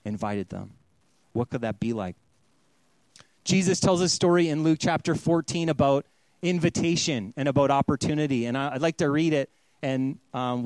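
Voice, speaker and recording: A man's voice: a little high, a little mellow, no room sound, rough recording. A middle-aged man giving a sermon as a pastor, talking conversationally and acting out the voices he quotes.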